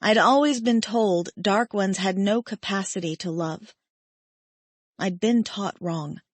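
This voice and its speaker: Slow, emotive woman narrating a romance. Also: medium pitch, dry recording. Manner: emotive and measured. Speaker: audiobook narrator. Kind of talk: first-person romance audiobook narration.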